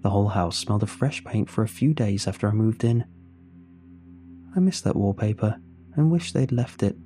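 A man narrating a first-person horror story in a measured, tense way. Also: lowish voice, lively intonation, warm tone. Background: faint music.

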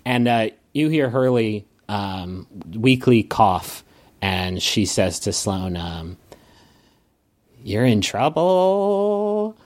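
A man narrating as a game master, setting scenes with unhurried description. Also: on the low side.

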